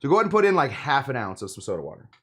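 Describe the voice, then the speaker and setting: Man with a lively, jumpy voice. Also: mid-range voice, racing, slightly rough. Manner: joking, rambling, self-interrupting. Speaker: host of a cocktail channel. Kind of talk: casual cocktail-making demonstration.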